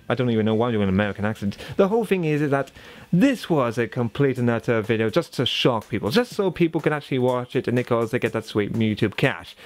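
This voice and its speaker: Sarcastic young man mocking a video. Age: 20s. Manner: mocking, profane, swings pitch for sarcasm. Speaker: video reviewer. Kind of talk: sarcastic reaction commentary.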